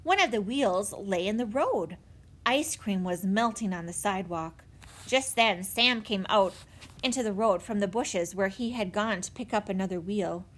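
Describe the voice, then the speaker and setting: A woman narrating a children's audiobook in an expressive storytelling manner. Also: medium pitch, normal speed. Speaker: audiobook reader.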